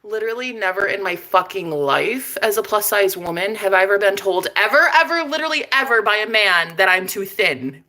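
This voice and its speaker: A woman's voice: mid-range voice, expressive, fairly quick, few pauses, bright, forceful tone. A young woman vlogging to camera, telling a story in a sassy, profane, dramatic way. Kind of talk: casual chat to camera.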